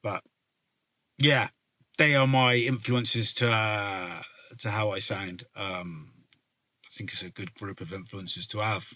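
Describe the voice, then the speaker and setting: Bright-voiced Somerset man chatting casually. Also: on the low side, slow, long pauses. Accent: West Country English, Somerset. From South West England. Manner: swears freely, rambling with fillers and restarts. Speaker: rapper. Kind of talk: casual chat to camera.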